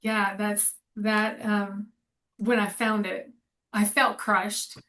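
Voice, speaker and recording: A woman's voice: medium pitch, little pitch movement, takes it slowly, sharp tone. A woman in her forties chatting casually and candidly, rambling and laughing often. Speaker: co-host. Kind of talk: casual chat.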